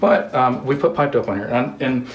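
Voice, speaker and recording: A man's voice: medium pitch, moderate pace. A man hosting a home repair video who rambles through a story with jokey asides, then explains plumbing steps casually. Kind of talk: casual storytelling and DIY instruction. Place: work area during a water heater install. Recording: echoey room, mic at a distance.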